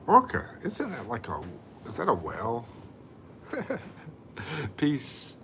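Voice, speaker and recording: A man's voice: mid-range voice, huge pitch swings, slow pace, pauses often, sharp tone, slight background noise. A middle-aged man, chatting casually on a livestream and reading viewer comments aloud with jokes. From USA. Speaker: livestream host.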